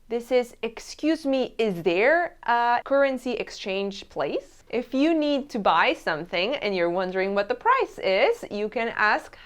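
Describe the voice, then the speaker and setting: A woman teaching a language lesson, saying each travel phrase slowly and clearly and repeating it. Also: on the high side. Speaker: Spanish teacher.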